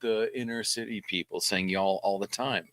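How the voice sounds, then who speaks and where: A man's voice: lowish voice, fairly even intonation, moderate pace, a bit bright, no room sound. A man, a bit tipsy from whiskey, rambling and stammering as a guest in a casual live stream chat.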